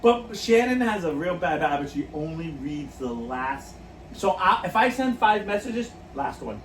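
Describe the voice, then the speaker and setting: A man's voice: fairly high pitch, very animated, unhurried. A man co-hosting a podcast, telling stories in casual chat and laughing often through them. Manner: giggly, laughs through his own stories. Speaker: podcast co-host. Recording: roomy echo, distant mic, faint noise.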